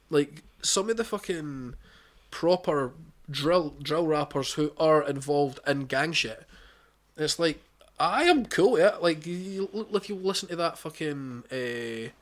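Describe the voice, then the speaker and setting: Sweary scottish guy rambling. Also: on the high side. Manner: sweary, rambling with many fillers and restarts. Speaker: podcast host. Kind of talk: casual chat.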